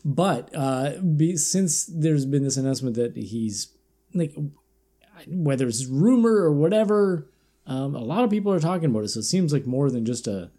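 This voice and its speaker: A man with a mellow, slightly raised voice talks through the news in a loose, casual chat. He rambles, fills gaps with ums and uhs, and laughs easily. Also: fairly high pitch, moderate pace. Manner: laughs often, relaxed rambling delivery with many fillers. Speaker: podcast co-host.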